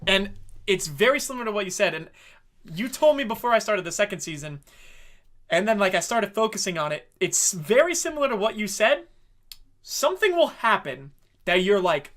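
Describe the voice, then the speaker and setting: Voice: mid-range voice, big pitch swings, normal speed, fairly bright tone. A podcast co-host in casual anime review chat, swearing freely and mockingly acting out scenes.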